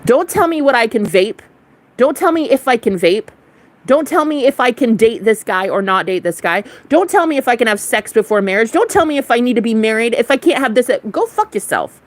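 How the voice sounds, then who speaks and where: A young woman talks straight to her viewers in a casual spiritual rant. Her voice sits a little high, and she is blunt and defiant, swearing freely as she goes. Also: expressive, a little fast. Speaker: spiritual vlogger.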